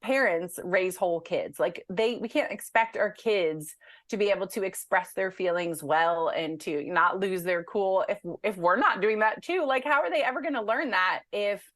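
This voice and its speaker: A woman author talking as an interview guest in a chatty, animated way, with a lot of "like" and "you know". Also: medium pitch, normal speed, no room sound, studio quality. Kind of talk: casual interview conversation.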